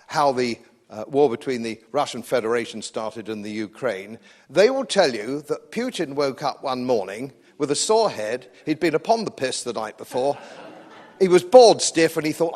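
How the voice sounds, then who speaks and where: A man's voice: mid-range voice, big pitch swings, moderate pace, darkish tone. A man with an English accent giving a live political speech to an audience, combative and sardonic, hammering points home by repeating phrases. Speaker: speaker at a public event.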